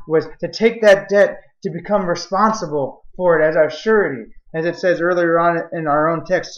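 A man preaching a sermon, quoting scripture and building to earnest, emphatic passages. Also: fairly high pitch. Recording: roomy, slightly dull recording.

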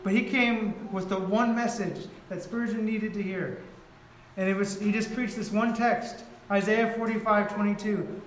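Earnest preacher with a high voice. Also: male voice, fairly even intonation, unhurried, a little hiss or hum. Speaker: pastor. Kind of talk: sermon. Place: church sanctuary. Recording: echoey room.

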